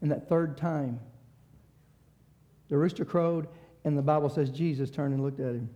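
A man preaching a sermon, swinging between shouted climaxes and hushed passages. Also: on the high side, steady tone, moderate pace, long pauses, lo-fi sound.

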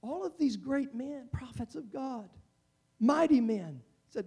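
Preacher, male, high-pitched voice, impassioned sermon delivery that swings from hushed to near-shouting. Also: very animated, slow, creaky, breathy edge.

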